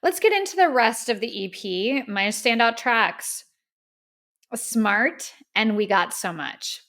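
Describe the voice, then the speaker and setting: A woman's voice: a little high, lively intonation, takes it slowly, a bit bright. A woman hosting a podcast, giving a casual, candid music review with plenty of fillers and opinions. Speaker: podcast host.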